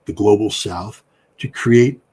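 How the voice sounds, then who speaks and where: A man with a husky voice giving political commentary in an interview, talking in an emphatic, combative way. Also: slow pace. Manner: emphatic and combative, with big swings in pitch and loudness. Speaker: political commentator, former weapons inspector.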